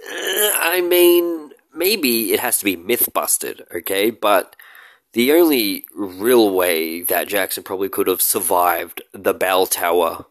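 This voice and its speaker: In a dry recording, a movie vlogger with a low, unhurried voice rambles casually to camera about films he likes. He jokes around with his audience, breaking into loud shouted bits and laughter.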